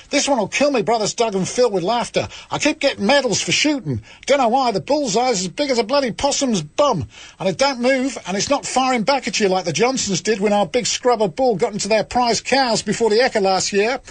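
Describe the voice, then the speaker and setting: A man doing a cocky young farm girl from the outback with a mock Australian accent, bragging in a letter home about army life. The voice sits high and husky and swings up and down as she boasts. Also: no echo.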